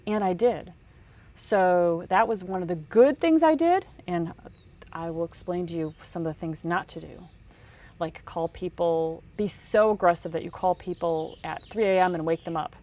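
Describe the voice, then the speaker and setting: A woman teaching career advice in casual talk, telling stories with animated delivery and acting out the people she quotes. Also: fairly low pitch, normal speed. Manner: animated storytelling, acts out quotes.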